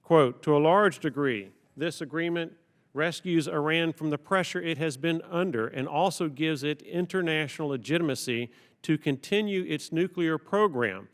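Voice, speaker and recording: Congressman reading prepared questions, echoing hall. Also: on the high side. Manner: deliberate, reads prepared quotations aloud with emphasis. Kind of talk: formal prepared questioning at a hearing. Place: large hearing room. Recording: long reverb from a large hall.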